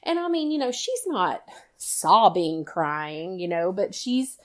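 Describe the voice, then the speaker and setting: A middle-aged woman tells a personal story in casual chat, animated and full of "you know" fillers. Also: fairly low pitch, slow. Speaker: guest storyteller, mother.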